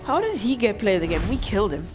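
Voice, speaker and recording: A woman giving chatty, excitable commentary while playing a video game with friends. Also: mid-range voice. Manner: excitable, chatty, quick to shriek. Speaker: gamer making a video with friends. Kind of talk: casual gameplay commentary. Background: game music.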